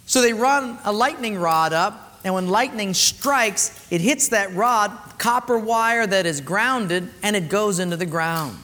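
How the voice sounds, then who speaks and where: A male pastor with a high, bright-pitched voice preaches in a church. He tells animated stories with playful sound effects. His voice carries a long, echoing reverb from the hall. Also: a little slow, few pauses. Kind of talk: sermon.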